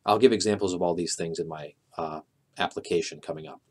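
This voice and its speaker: A middle-aged man calmly and methodically explaining a memory technique, walking through his own examples step by step. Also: low-pitched, fairly quick, noisy background. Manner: calm, methodical, a few filler "uh"s.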